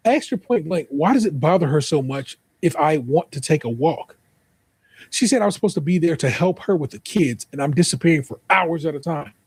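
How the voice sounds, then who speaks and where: A man's voice: a little high, darkish tone, slightly rough, dry recording. A man with an American accent reading an online post aloud, then joking through profane commentary and spelling out the typos. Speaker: podcast host.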